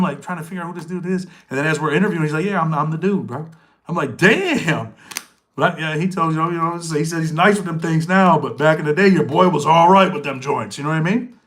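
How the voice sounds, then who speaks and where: A man's voice: a little high, a bit bright. A middle-aged man hosting a casual live chat, talking in loose street slang and answering viewers' comments. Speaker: channel host.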